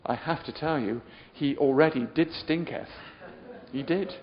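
A man preaching a sermon, moving from quiet storytelling to loud, shouted exhortation. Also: medium pitch, a little slow, highs cut off.

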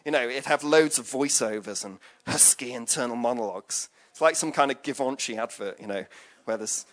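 A man's voice: mid-range voice, brisk, a bit bright. A man preaching a conversational sermon, chatty and jokey, with lots of asides.

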